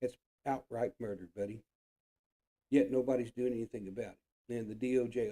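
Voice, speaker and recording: A man's voice: mid-range voice, fairly even intonation, a little fast, dark tone. A man from the United States hosting his own show, delivering a blunt, profane political rant and repeating his points with frustration. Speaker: show host.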